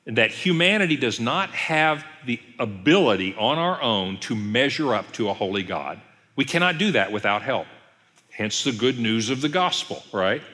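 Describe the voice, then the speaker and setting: A man, a pastor, giving an emphatic, conversational Bible teaching with pauses. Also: mid-range voice, bright, forceful tone. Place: church sanctuary. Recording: long reverb of a church hall.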